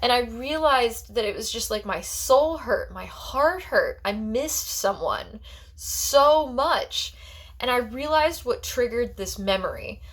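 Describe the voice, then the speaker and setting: Rambling, heartfelt woman with a higher voice. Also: expressive, slow. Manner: rambling and heartfelt, peppered with "like" and restarts. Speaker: psychic. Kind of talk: personal vlog monologue.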